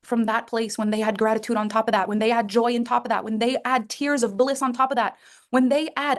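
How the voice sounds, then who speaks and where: A woman's voice: on the high side, fairly even intonation, fairly quick. A middle-aged woman, a life coach, talking to listeners in a coaching call and acting out inner voices with big jumps in her voice.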